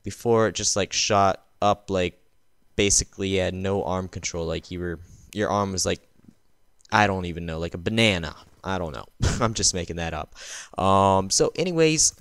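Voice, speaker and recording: Tired guy rambling thru game commentary, lots of ums, lowish smooth voice. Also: fairly even intonation, moderate pace, fairly bright tone, no room sound. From United States. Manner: rambling, full of ums and restarts. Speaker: gaming channel host. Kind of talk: casual gameplay voice-over commentary.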